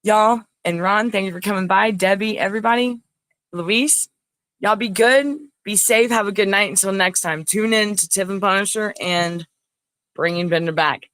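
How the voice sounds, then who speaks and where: A woman hosting a loose, casual livestream, rambling from one thing to the next and calling out viewers by name. Her voice sits at an ordinary middle pitch. The sound is dry and close, with no room around it. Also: steady tone, moderate pace, fairly bright tone, smooth, no echo. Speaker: livestream host. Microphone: phone.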